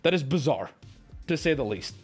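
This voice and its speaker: A man's voice: medium pitch, sing-song, moderate pace, faint music behind. A man streaming live, telling stories and ranting at his chat in a profane, stammering, riled-up way. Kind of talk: casual livestream rant.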